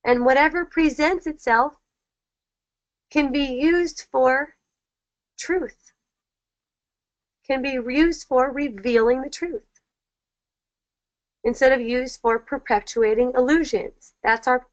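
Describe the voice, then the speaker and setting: A woman hosting an online spiritual dialogue, talking gently and reflectively, repeating key phrases and restarting sentences often, over slightly muffled lo-fi call audio. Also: high voice, no room sound. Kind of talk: reflective spiritual teaching talk.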